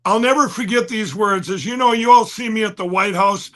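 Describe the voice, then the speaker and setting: A high, bright-voiced man telling a story with restless energy. He restarts sentences often and swings from near shouting to hushed asides. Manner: fast, restless, repeats and restarts, swings loud and soft. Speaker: guest. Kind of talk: excited conversational storytelling.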